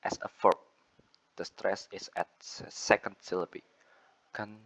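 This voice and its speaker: A man's voice: low voice, level tone, moderate pace, a bit bright, husky, low-quality recording. A young man with an Indonesian accent giving a student class presentation on word stress, repeating example words and correcting himself as he goes. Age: young adult.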